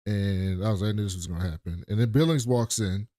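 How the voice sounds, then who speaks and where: Here a man with a fairly low voice rattles through a TV episode recap as co-host of a casual podcast, voicing the characters' lines with lots of cursing. It's a clean studio recording without any room sound.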